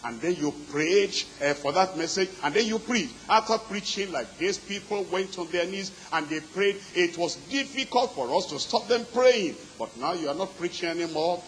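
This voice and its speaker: A man's voice: high-pitched, animated, normal speed, hardly any pauses, a little hiss or hum, low-quality recording. A man preaching a sermon, exhorting his listeners in rhythmic, repetitive lists.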